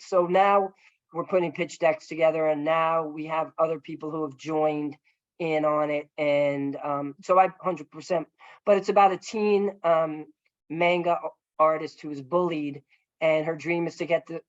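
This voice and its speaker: A filmmaker appearing as a guest tells a long story over a video call, earnest and rambling with many fillers and restarts. The voice is mid-range, in a dry, lo-fi recording.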